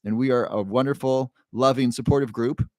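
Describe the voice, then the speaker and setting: A man hosting a casual livestream, greeting viewers from the chat by name and pitching a supplement with upbeat energy. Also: fairly even intonation, fairly quick, darkish tone, no room sound, studio quality. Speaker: livestream host.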